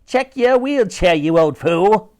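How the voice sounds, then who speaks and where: A man's voice: sits high, expressive, slow, pitched above the performer's own voice. A man doing a gloating old professor villain. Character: vengeful old male professor, scheming.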